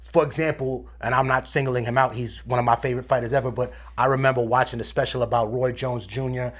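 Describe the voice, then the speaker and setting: A man's voice: medium pitch, fairly even intonation, fast. A man co-hosting a podcast, thoughtfully working through a long question in casual talk. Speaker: podcast co-host. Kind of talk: casual discussion.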